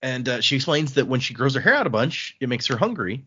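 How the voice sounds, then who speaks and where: A man's voice: mid-range voice, very animated, fast talker, sharp tone, breathy edge, dull audio. A man hosting a book podcast, retelling scenes in casual chat and acting out the dialogue in shifting voices. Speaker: podcast host recapping a book.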